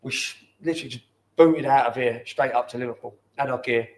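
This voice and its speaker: A middle-aged man, a former footballer telling rambling, lively anecdotes as an interview guest in a bar. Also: medium pitch, brisk. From London. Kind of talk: casual storytelling over a pint. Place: bar, indoors.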